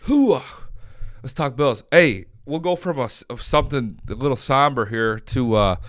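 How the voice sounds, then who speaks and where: A man's voice: medium pitch, expressive, normal speed, fairly bright tone, dry recording, studio quality. A man in his late twenties hosting a sports podcast, telling a loose, funny story with plenty of swearing. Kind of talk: casual sports chat.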